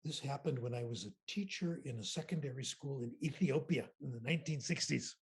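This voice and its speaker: An older man speaking as a keynote speaker, answering audience questions with unhurried, emphatic storytelling. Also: mid-range voice, slightly rough.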